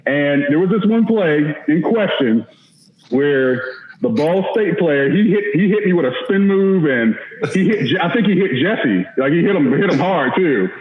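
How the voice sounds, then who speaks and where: A man's voice: a little high, expressive, normal speed. A man, a former college lineman, telling a self-deprecating story as a podcast guest. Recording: roomy, slightly dull audio with faint noise.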